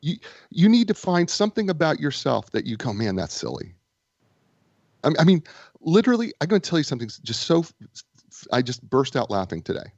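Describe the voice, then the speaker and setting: A man speaking as a guest author and business coach, telling stories in a lively way with frequent restarts. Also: a little high, quick pace, no echo, dull audio. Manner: animated storyteller, stammering restarts. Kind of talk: casual interview chat.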